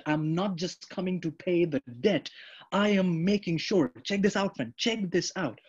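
A man's voice: high-pitched, a little slow, breathy edge, dull audio. A man preaching a sermon with fervor, often repeating his lines and calling his listeners friends.

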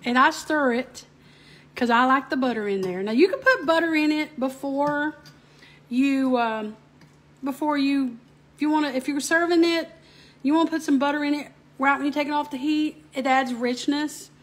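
Southern woman, high voice, homey cooking host, easy y'all-style chat. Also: normal speed. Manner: homey, chatty, addresses viewers as y'all. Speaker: home cook host. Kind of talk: casual cooking demo.

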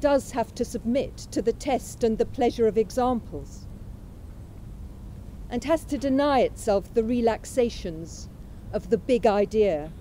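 A woman with a fairly high, mellow voice reads aloud from a lecture. Her delivery is measured and unhurried, literary in tone, and she gives each line room without any showiness. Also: lively intonation, a little hiss or hum, poor audio. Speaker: speaker at a memorial event. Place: college chapel.

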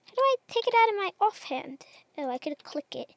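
A woman with a high, sing-song voice chats at a moderate pace in a dry recording. She's a gamer doing casual Minecraft let's play commentary, sounding unsure of herself and talking to the animals she comes across.

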